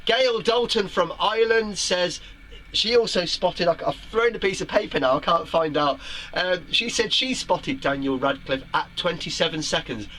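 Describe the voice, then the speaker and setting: Brief: middle-aged male host, bright forceful tone, playful and theatrical, faint room noise. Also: low-quality recording. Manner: playful, theatrical, jumps to high pitch when quoting. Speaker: host of a homemade web show. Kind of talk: chatty vlog reading out viewer comments. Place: garden shed.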